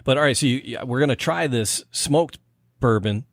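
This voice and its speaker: A man hosting a podcast in a studio, talking in a chatty way with plenty of fillers and quick agreements. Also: mid-range voice, no room sound. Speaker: podcast host. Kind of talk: casual chat.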